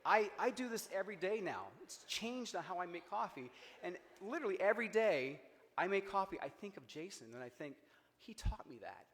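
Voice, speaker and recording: A man from Cincinnati giving a personal memorial speech, storytelling with humor and jumps in pitch for emphasis. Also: animated, normal speed. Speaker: eulogy speaker, friend of the deceased. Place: memorial service hall. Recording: echoey hall with long reverb.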